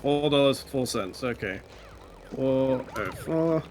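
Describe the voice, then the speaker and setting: A man running a game on a charity stream, chatting in a relaxed, rambling way. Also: medium pitch, slow, slight background noise. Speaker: speedrunner. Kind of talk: casual live-stream chat.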